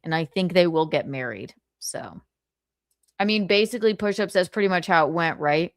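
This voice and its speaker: A woman's voice: on the low side, no room sound. Sassy lady host gossiping on stream, lots of laughs, dry sound. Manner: sassy, animated, laughing often. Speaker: livestream host. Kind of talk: casual storytelling chat.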